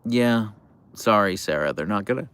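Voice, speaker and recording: A tired, relaxed man hosting a casual livestream, rambling with fillers as he answers viewer comments. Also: lowish voice, moderate pace, clean tone. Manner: relaxed, rambling, with fillers, soft coos to the dogs. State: tired, yawning. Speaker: livestream host with pet huskies.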